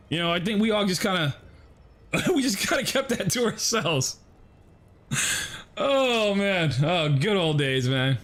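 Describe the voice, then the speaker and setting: A man streaming a game, telling a story in an animated, profane casual way. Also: on the high side. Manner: animated, profane, lots of restarts and swearing. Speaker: gaming streamer.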